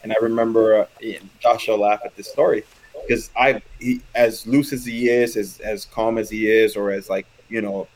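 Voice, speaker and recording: A man and former pitcher telling stories in casual chat, acting out quoted lines. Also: fairly even intonation, normal speed, rough recording. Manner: loose storyteller who acts out quotes.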